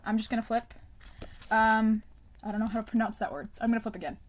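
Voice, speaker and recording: Young woman, fairly high voice, casual book-vlog chatter, giggly and rambling with fillers, self-conscious whispered asides. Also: fairly even intonation, quick pace. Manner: chatty, giggly, rambling with many ums and likes. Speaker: book vlogger. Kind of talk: casual chat.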